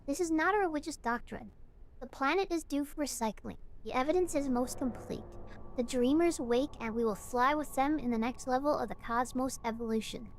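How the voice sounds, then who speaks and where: A woman voicing a solemn cult leader who gives a slow, grave farewell sermon while she reads game text aloud. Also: high-pitched, a little hiss or hum, pitched below the performer's own voice. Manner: slow, grave, preaching delivery.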